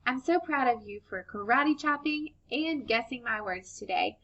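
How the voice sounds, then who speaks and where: A woman teaching young children phonics, sounding out words slowly and clearly and praising them warmly. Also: on the high side, animated, highs cut off. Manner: slow, clear sound-by-sound modeling, encouraging.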